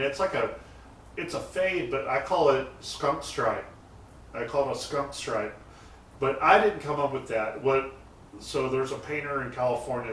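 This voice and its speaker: A man's voice: mid-range voice, fairly bright tone. Man, car builder, rambling storyteller, fillers and restarts, distant mic, echoey garage. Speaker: custom car builder and painter. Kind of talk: casual interview talk. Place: garage shop. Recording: roomy echo, mic set far off, faint noise.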